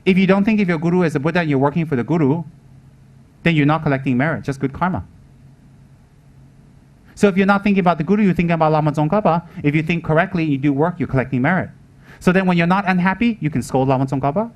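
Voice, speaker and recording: A man teaching the Dharma with a fairly high voice. He hammers his points home, repeats them and keeps asking rhetorical questions as he preaches. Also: quick pace, a little mellow. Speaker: Buddhist teacher.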